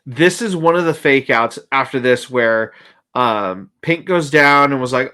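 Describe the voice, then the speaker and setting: Relaxed man, bright voice. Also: medium pitch, moderate pace. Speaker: podcast co-host. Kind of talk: casual chat reviewing a show.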